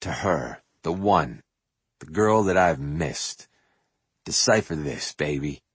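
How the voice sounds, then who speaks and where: Husky low-voiced man reading his memoir. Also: slow, no echo. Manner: animated and profane, acts out quotes and sings snippets. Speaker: memoir narrator.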